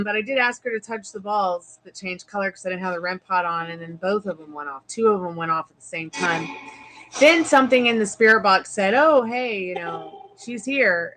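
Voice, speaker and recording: A woman's voice: medium pitch, pushed and bright, slight background noise, low-quality recording. A woman hosting a live tarot and spirit box stream, chatting casually, greeting viewers by name and calling on spirit. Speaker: tarot reader livestream host. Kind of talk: casual livestream chat. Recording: music playing behind the voice.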